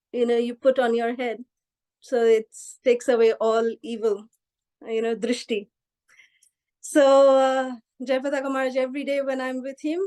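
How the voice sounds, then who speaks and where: High-pitched woman, telling a personal story in a relaxed, halting way. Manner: halting, full of fillers like "you know" and "uh". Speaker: devotee sharing a personal memory. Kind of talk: casual spoken remembrance.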